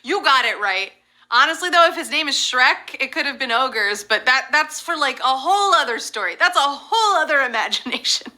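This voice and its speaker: A woman hosting a live trivia game show, chatting casually in a bubbly, playful way with quick asides. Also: high-pitched, animated, bright, forceful tone. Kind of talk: casual chat.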